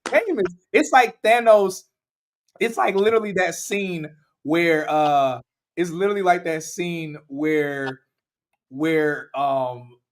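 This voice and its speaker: A man, hosting a casual podcast chat, animated and laughing as he acts out quotes. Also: a little high, takes it slowly. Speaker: podcast host.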